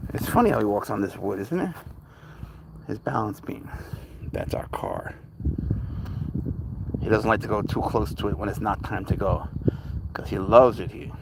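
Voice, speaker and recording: A man's voice: fairly low pitch, background noise. Rambling man live-streaming outdoors with his cat. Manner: relaxed, rambling, talks to his cat and chat. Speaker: cat channel livestreamer. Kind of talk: casual live-stream chat.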